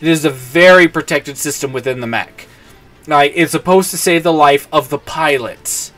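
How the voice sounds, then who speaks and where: A male game streamer gives casual commentary as he plays. His voice sits a little high, and he launches into long rants about the story, swapping in mild stand-ins for curse words. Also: normal speed, fairly bright tone, faint music behind. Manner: ranting, swaps in mild words for swearing.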